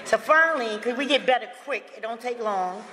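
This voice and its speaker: A high, bright-toned woman tells her recovery story with blunt, profane emphasis and loud bursts of laughter. Her voice carries a long hall reverb and a roomy echo. Faint noise sits under it. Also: brisk. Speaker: recovery speaker. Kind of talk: personal testimony to a recovery meeting.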